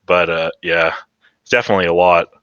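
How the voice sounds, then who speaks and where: A man's voice: sits low, steady tone, a little fast, fairly bright tone, clean tone, no echo, highs cut off. A young man from Canada, a podcast guest and former pro player, telling stories in casual chat full of fillers and swearing. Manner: rambling, heavy filler words, swearing.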